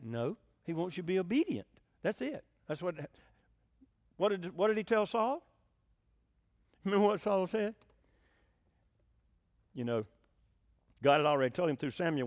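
Folksy male preacher, high-pitched, chatty, keeps quizzing the flock. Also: sing-song, measured pace, long pauses. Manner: folksy, asks the congregation questions, chuckles. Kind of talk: conversational sermon.

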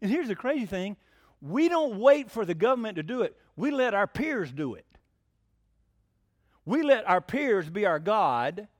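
A man preaching a sermon in a folksy, plain-spoken way, firing off rhetorical questions and getting worked up to near shouting. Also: high voice, big pitch swings, a little slow, no echo, clean studio sound.

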